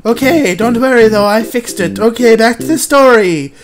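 A woman's voice: fairly high pitch, normal speed, a crowd in the background, close to an everyday voice. A woman doing a pompous old-timey spook host. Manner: pompous, theatrical, with blustery outbursts. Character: pompous, bumbling old-timey male horror storyteller. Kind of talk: parody horror story narration. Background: plucked guitar music.

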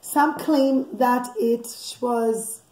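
A mother telling a bedtime story to her child at home, animated, with laughing asides and a teaching tone. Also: fairly high pitch, very slow. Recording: echoey room.

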